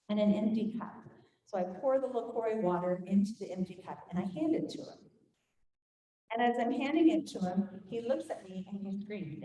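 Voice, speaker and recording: An older woman teaching a group, telling a family story in an animated way and acting out voices. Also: medium pitch. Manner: animated, acts out quoted voices. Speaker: Bible study teacher. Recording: echoey room, faint noise.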